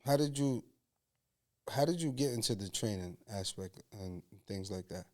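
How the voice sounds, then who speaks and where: A man's voice: on the low side, lively intonation, moderate pace, darkish tone. A man hosting a podcast, asking questions in an easygoing way and often restarting his sentences. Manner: easygoing, lots of short agreeing replies, stumbling restarts. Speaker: podcast host. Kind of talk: casual podcast interview.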